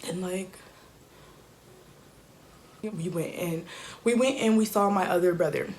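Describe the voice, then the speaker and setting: A young woman telling an emotional personal story in a halting, soft-spoken way with many fillers. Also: lowish voice, a little hiss or hum. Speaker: YouTuber.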